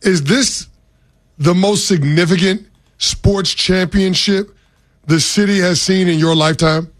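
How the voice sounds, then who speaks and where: A man's voice: sits high, fairly even intonation, measured pace. A man hosting and asking a question in a casual chat.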